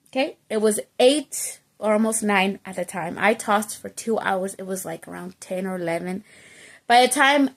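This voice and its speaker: A woman telling a personal story in a casual vlog, animated and chatty, checking in with the listener and slipping into bits of Spanish. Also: medium pitch. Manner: animated, keeps checking in with "okay?" and "you know?". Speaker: storytelling vlogger.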